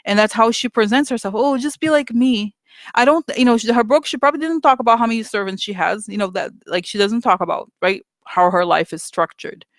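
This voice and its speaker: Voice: medium pitch, quick pace, hardly any pauses, a bit bright, no echo. A vlogger ranting casually and with exasperation to viewers, talking in loose runs full of fillers and restarts. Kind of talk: casual opinion rant to viewers.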